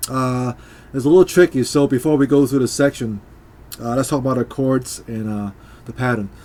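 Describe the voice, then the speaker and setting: A man's voice: mid-range voice, normal speed. Hesitant man teaching guitar. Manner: hesitant, many fillers, counting beats aloud. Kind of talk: casual instructional talk. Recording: loud guitar playing behind. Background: guitar playing.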